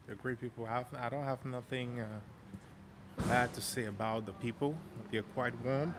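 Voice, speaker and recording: A man vlogging as he walks outdoors through a city neighborhood, telling stories in a relaxed, chatty way with plenty of slang and repeated phrases. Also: mid-range voice. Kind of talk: casual storytelling walk-and-talk. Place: outdoors on a city street, walking. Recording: street traffic noise behind.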